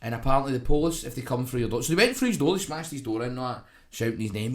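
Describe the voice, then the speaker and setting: Glaswegian guy, podcast co-host, rambling sweary anecdote, mid-pitched voice. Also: lively intonation, fast. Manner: rambling, sweary anecdote-telling with frequent "right?". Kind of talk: comic storytelling.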